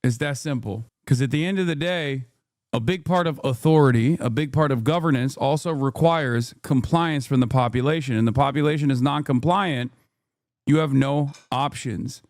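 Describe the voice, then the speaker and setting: A man's voice: medium pitch, normal speed, a little mellow, no echo, studio quality. A man giving casual political commentary on news clips, blunt and indignant, swearing freely.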